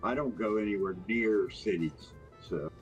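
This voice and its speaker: A man chatting casually with friends during a game, easygoing and a bit halting. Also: on the low side, over music. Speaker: gamer in voice chat. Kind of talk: casual chat.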